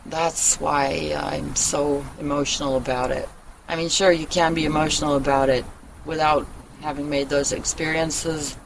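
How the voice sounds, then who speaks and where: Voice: medium pitch, level tone, moderate pace, vocal fry, a little hiss or hum, rough recording. Blunt, rambling, profane vlogger. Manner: blunt and profane, trails off and restarts. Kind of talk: rambling casual monologue. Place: at home, living in Germany.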